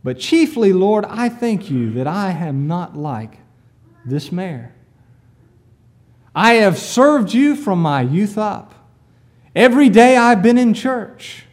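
A man's voice: high voice, very animated, slow, long pauses, heavily acted. A man voicing a proud, self-righteous male churchgoer boasting in prayer. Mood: smug pious.

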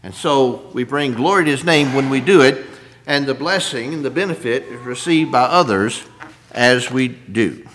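A man's voice: medium pitch, normal speed, a bit bright, a little hiss or hum. A man preaching a sermon, rising to emphatic scripture quotes and asking the congregation questions.

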